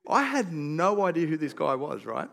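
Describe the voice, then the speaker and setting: A man with an Australian accent preaching a conversational sermon as a pastor, telling stories with lively, self-deprecating humour. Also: on the high side, normal speed, vocal fry.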